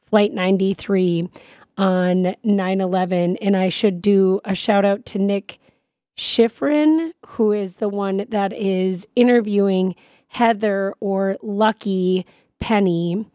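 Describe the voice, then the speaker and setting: A woman host chats casually as she introduces a segment, speaking slowly. Her tone is mellow and warm. The recording is dry and close. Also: mid-range voice, no room sound. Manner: loose, with fillers and restarts. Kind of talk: casual chat.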